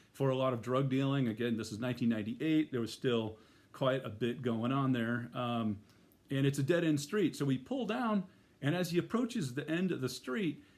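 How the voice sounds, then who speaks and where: A middle-aged man telling a personal story in a casual, rambling way, full of fillers and restarts. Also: medium pitch.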